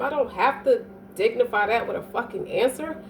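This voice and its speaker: A woman's voice: on the high side, brisk, a little mellow. A woman giving a casual astrology reading, speaking in a profane, emphatic way and often checking "you dig?". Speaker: astrology reader. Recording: distant mic with faint background noise.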